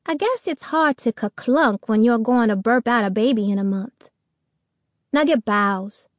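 A woman narrating a children's audiobook in the first person, telling the story with lively energy. Her voice sits high and the recording is dry and close. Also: measured pace, no echo.

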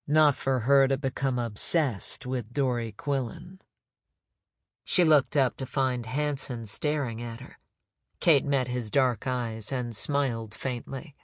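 A man reading a crime novel aloud in measured, even narration. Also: mid-range voice, dry recording, clean studio sound. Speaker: audiobook narrator.

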